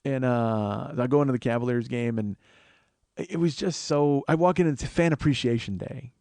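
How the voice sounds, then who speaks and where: A man comedian telling a comic story in an animated, swearing, exasperated way. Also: medium pitch, moderate pace, no echo. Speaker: comedian host.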